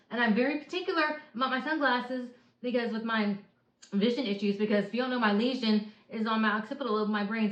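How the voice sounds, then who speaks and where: A woman's voice: medium pitch, fairly bright tone. A woman in her thirties or forties vents at length from her couch, rambling and sighing as she talks to her viewers. Her voice sits mid-range for a woman, with a roomy echo around it. The home recording sounds dull and lo-fi. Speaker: vlogger. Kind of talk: candid personal vlog.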